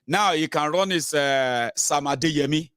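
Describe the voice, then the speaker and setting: A Nigerian-accented man talks through a political monologue with sarcasm and lively swings of pitch. His voice is a little high for a man and sounds close and dry. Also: unhurried, clean tone, dry recording. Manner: animated, mixes in pidgin, sarcastic. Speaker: commentator.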